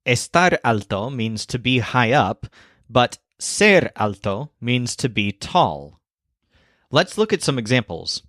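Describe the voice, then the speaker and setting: A man narrating a scripted language lesson, explaining clearly and slowing down for example phrases. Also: medium pitch, sing-song, fairly bright tone, no room sound, clean studio sound. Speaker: language teacher.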